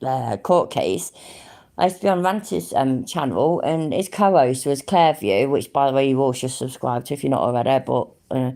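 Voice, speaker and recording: A woman's voice: extremely low pitch, expressive, normal speed, creaky, warm tone. An English woman rambling casually on a live stream, thinking aloud, humming to herself and swearing freely. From England.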